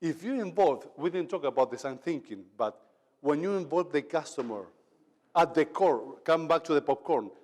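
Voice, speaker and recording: A man's voice: fairly high pitch, lively intonation, normal speed, a little mellow. Man speaking in a reverberant hall. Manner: emphatic, acts out quoted lines. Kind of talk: motivational talk on leadership. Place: event hall.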